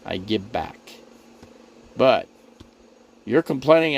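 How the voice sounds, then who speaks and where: A man streaming live from his RV, talking to his chat in a mid-pitched voice. He rambles, doubles back and repeats himself. He sounds defensive as he answers his viewers. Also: animated, a little slow, pauses often, poor audio. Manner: rambling, repetitive, defensive, addressing viewers directly. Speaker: RV living livestream host. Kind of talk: casual livestream talk to chat.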